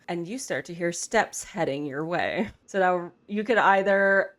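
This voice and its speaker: A woman's voice: fairly low pitch, unhurried, few pauses. A woman running a tabletop game, narrating scenes in a casual, chatty way. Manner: casual, chatty, laughs easily. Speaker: game master.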